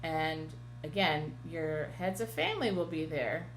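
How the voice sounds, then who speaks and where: A woman's voice: low voice, animated, unhurried, slight background noise. A woman cantor teaching a class on Torah chanting, explaining patiently and singing short chanted examples. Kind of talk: class lesson with sung examples.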